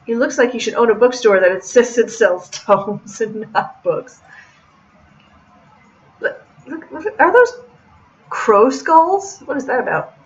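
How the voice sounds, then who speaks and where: A woman's voice: on the high side, animated, slow pace, pauses often, muffled recording. A young woman reading a visual novel aloud and adding chatty, joking asides as a let's-play host.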